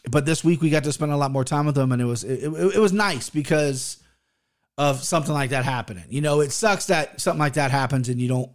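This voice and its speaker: A middle-aged man hosting his own podcast, talking casually in a rambling way, swearing often and restarting his sentences. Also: mid-range voice. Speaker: podcast host. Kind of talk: casual monologue.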